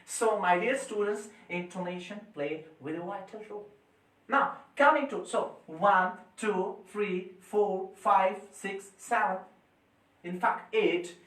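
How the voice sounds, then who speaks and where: A man's voice: high-pitched, slow. Emphatic male teacher in an echoey room. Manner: emphatic, repeats phrases, forceful rises and drops. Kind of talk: energetic classroom lecture. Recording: echoey room, mic far off.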